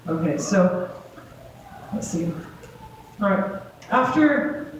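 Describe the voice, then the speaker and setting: A woman's voice: medium pitch, animated, takes it slowly, a little hiss or hum. Woman presenter, casual talk to a crowd, heard from far off in a big echoing room. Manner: conversational, checks in with "right?". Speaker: guest speaker. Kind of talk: live talk to a gathering. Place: community gathering hall. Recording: echoey hall, distant and dull.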